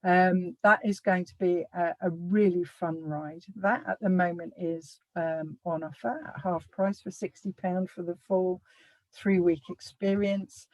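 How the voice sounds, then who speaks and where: A woman's voice: lowish voice, steady tone, a little slow, dry recording, dull audio. Upbeat woman hosting a workshop. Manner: upbeat, promotional, teasing. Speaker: workshop host. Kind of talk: live online workshop talk.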